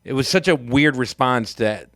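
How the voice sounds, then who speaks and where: A man's voice: medium pitch, lively intonation, moderate pace, a bit bright, dry recording, studio quality. A man co-hosting a podcast, rambling through anecdotes with frequent swearing in casual chat. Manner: rambling, swears freely, laughs at his own stories. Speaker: podcast co-host.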